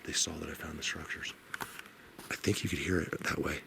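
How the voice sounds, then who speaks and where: A man walking through a forest and talking to his camera, rambling and excitable with lots of fillers, a bit out of breath. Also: a bass voice, brisk, vocal fry. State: slightly out of breath. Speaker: outdoor video blogger. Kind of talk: casual walking commentary. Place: outdoors in a forest. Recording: noisy outdoor field recording.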